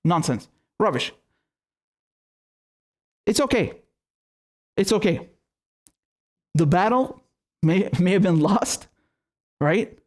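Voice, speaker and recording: A man's voice: sits high, lively intonation, takes it slowly, long pauses. A man hosting a live-streamed political commentary show, ranting in a heated, profane way.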